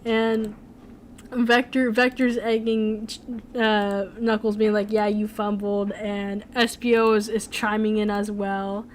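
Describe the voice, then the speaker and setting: Speaking slowly in a mid-range voice with little pitch variation, a young woman chats casually on her live stream. She's a streamer and animator who rambles, peppering everything with "like" and "um," over slight background noise.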